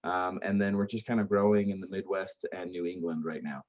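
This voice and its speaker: A man's voice: sits low, little pitch movement, fairly quick. A man being interviewed on a podcast, telling earnest stories about helping grieving families, with many fillers and restarts. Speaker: guest, aftercare service founder. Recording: dull lo-fi sound.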